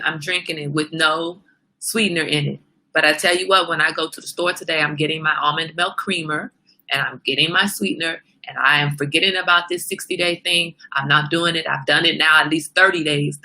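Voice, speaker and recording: A woman's voice: low-pitched, fairly even intonation, moderate pace, pushed and bright. A woman hosting a casual livestream, chatting straight to her viewers. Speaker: livestream host.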